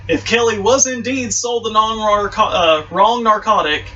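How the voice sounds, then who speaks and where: A man's voice: high voice, normal speed, pushed and bright, faint music behind. A man co-hosting a casual podcast, reading odd news articles aloud and laughing through them. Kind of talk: casual chat. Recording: distant mic, dull lo-fi sound.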